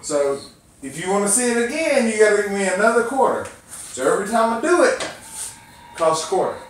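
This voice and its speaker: A man's voice: sits high, sing-song, a little fast, slight background noise. A man performing as a children's clown and magician, teasing and coaxing a child in folksy playful banter. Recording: echoey room, mic far off.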